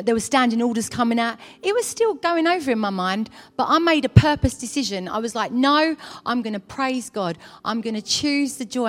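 A woman giving a chatty, earnest personal testimony in church, with many fillers. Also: on the high side. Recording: long hall reverb.

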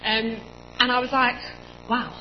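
A woman in her twenties preaching in a church, telling a personal story in a chatty, animated way with lots of quoted dialogue. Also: on the high side, moderate pace, lo-fi sound, slight background noise. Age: 20s.

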